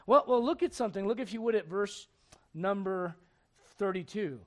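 A man preaching a sermon, telling a Bible story in a lively, conversational way, acting out the characters and asking his listeners questions. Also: high-pitched, fairly quick. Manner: animated storytelling, acts out characters, asks the crowd questions. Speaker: pastor.

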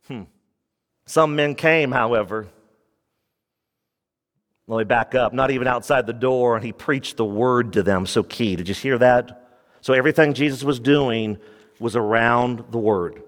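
A man preaching a radio sermon, emphatic, dropping low for key points and rising when he quotes. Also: unhurried, pauses often, long reverb tail. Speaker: pastor.

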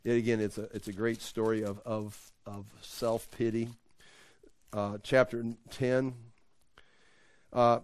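A man teaching the Bible in an animated, conversational way, often laughing. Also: medium pitch, slow pace, dry recording, clean studio sound.

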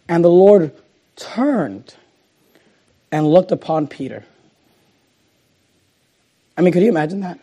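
Dramatic male pastor, somewhat high voice. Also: husky. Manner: dramatic swings between loud emphasis and hushed, slow delivery. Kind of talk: sermon with scripture reading.

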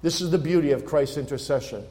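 A man preaching a sermon as pastor, earnest, slowing and swelling when he quotes scripture. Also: on the high side, warm tone. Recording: long reverb of a large hall.

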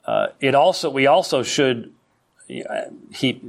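A man's voice: mid-range voice, wildly swooping pitch, takes it slowly. A middle-aged man teaching a church history Sunday school class in a conversational way, with many fillers and restarts.

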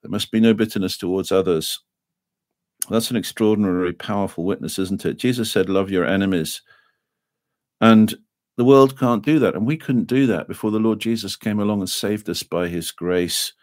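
A middle-aged man with a lowish voice delivers a podcast sermon. He speaks earnestly and in a measured way, drawing out quoted verses slowly and dropping his voice for personal admissions. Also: a little mellow, dry recording. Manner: earnest, measured preaching, slowing to dwell on scripture. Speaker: preacher. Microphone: podcast microphone.

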